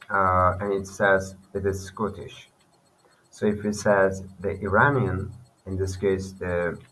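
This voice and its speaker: Slow, low-voiced man explaining code. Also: a bit bright, slightly rough, poor audio. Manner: halting, thinking aloud with fillers and restarts. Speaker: programming tutor. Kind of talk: screen-recorded coding tutorial.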